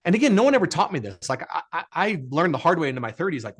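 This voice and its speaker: Earnest middle-aged man, slightly high voice. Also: big pitch swings, very fast, few pauses, fairly bright tone, breathy edge. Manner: earnest, emphatic, repetitive phrasing. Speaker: podcast guest. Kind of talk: motivational interview talk.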